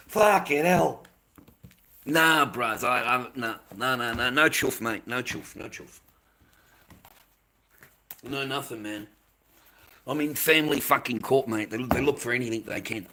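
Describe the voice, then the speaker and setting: A man's voice: a little high, unhurried, pushed and bright. An Australian man with an Australian accent, ranting aggressively and profanely at his live-stream chat.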